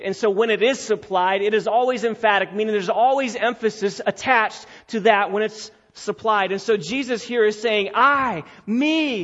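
A man's voice: high-pitched, a bit bright. A man preaching an expository sermon as a pastor, teaching point by point and building emphasis with a raised voice on key words. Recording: dull lo-fi recording.

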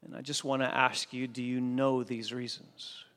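A man preaching a sermon as a pastor, slow and emphatic, pressing hard on key phrases. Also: mid-range voice, level tone, a bit bright. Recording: long reverb of a large hall.

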